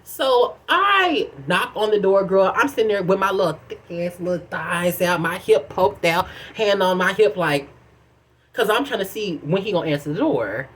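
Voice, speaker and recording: This is a young woman vlogger recounting a story from her own life, loose and conversational, with lots of "girl" and "y'all" aimed at the viewer. Big, dramatic shifts in pitch and volume mark her animated, moderately paced delivery.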